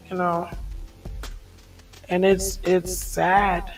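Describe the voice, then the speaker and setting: A woman's voice: lowish voice, little pitch movement, slow pace, vocal fry, long pauses, distant mic, faint music behind, low-quality recording. A woman vlogger talking frankly in a rambling reflective monologue, laughing things off to release stress.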